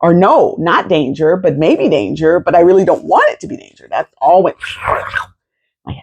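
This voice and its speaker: A woman in her fifties telling a personal story to camera in an animated, expressive way, swearing freely. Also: on the low side, moderate pace, slightly rough, lo-fi sound. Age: 50s. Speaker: vlogger.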